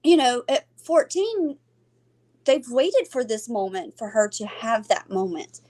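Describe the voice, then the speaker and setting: Animated high-voiced woman storyteller. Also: measured pace. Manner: animated, acts out quoted voices, laughs often. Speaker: podcast co-host. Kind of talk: casual storytelling chat.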